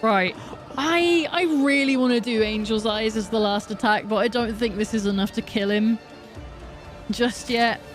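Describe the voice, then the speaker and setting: A woman's voice: a little high, normal speed. A young woman streaming a video game, chatting casually with viewers, swearing and laughing as she plays. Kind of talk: casual live-stream chat while gaming. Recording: music playing behind.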